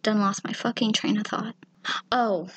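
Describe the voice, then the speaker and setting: A woman's voice: mid-range voice, steady tone, normal speed, a little hiss or hum. Candid, foul-mouthed woman podcast host. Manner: candid and emotional, swears freely. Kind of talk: casual chat.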